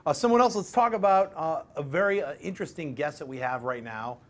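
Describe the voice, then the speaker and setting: A loose, jokey male co-host with a fairly high voice, chatting casually on a live stream. He keeps things relaxed as he hands the talk over to his guests. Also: fairly quick. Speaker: show co-host.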